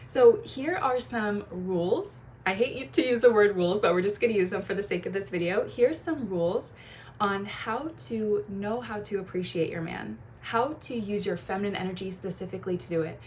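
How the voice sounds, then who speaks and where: Young woman, casual vlog coach, warm gushing delivery, light background noise. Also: medium pitch. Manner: warm, gushing, quick laughs and playful quoted voices. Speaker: feminine energy coach. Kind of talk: casual talking-to-camera advice.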